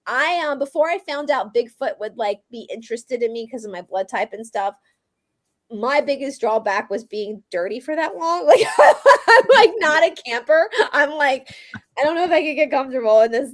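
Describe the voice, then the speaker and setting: A woman with a Southern American accent hosts a casual livestream chat. She talks in a fairly high voice, rambling and chatty, with frequent laughs. The sound is dry, with little room. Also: expressive, normal speed, no room sound. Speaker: host.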